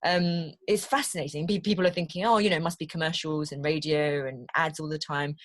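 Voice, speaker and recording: A British woman talks about her voiceover career in a relaxed interview. Her voice sits a little low, and she tells stories with energy, stumbling and repeating words as she gets going. The sound is dry and close, with no room echo. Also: fairly quick. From Britain. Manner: animated storyteller, laughs easily, repeats words when starting. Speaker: voiceover artist guest. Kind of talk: casual interview chat.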